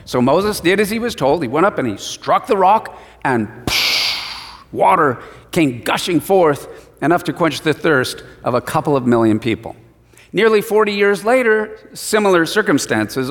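Preacher guy, kinda high voice, chatty storytelling sermon, big echoey hall. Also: expressive, moderate pace, fairly bright tone. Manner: conversational storytelling with acted quotes. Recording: long hall reverb.

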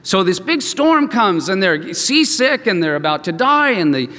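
Animated man preaching in a reverberant hall. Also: high voice, moderate pace. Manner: animated storytelling, acts out quoted voices. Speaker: pastor. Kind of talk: sermon.

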